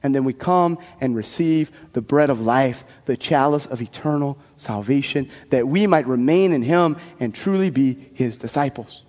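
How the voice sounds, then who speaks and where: A man preaching a homily as a priest, in a conversational and animated way with folksy asides. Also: medium pitch, moderate pace, hardly any pauses. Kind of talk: sermon. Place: church. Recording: long church reverb.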